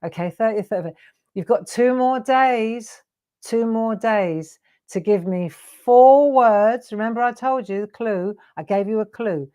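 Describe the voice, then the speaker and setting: A woman's voice: fairly high pitch, a little slow, warm tone. A woman hosting a live craft demonstration, chatting and teasing her viewers with frequent laughs. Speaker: craft show host.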